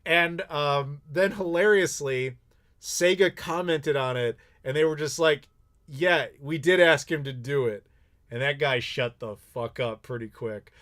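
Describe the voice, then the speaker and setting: Male streamer, higher-pitched, blunt, animated storyteller who swears casually. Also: a little slow. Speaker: YouTuber host. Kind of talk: casual live Q&A chat.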